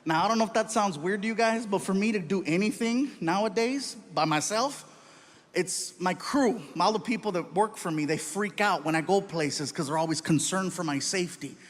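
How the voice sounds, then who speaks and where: High-voiced, animated male stand-up comic. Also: normal speed. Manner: animated storytelling with acted-out voices and bursts of shouting. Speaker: stand-up comedian. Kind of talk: stand-up comedy routine. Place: live comedy stage.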